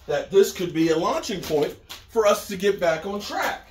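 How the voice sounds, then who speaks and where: A middle-aged man giving a casual, animated sports talk monologue, repeating himself as he riffs. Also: high-pitched, moderate pace, roomy sound, a little hiss or hum. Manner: animated, repetitive, conversational. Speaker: sports commentator.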